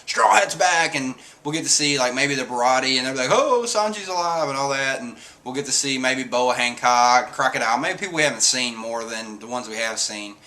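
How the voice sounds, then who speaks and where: A man's voice: medium pitch, pushed and bright. A man, casually reviewing a comic chapter in a rambling, filler-heavy way. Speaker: manga reviewer.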